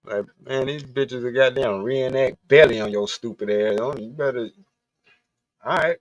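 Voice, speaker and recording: A livestream host from the American South delivers a casual, blunt rant that wanders all over and is full of swearing. He speaks at a moderate pace in a medium-pitched voice, with no room sound in the recording.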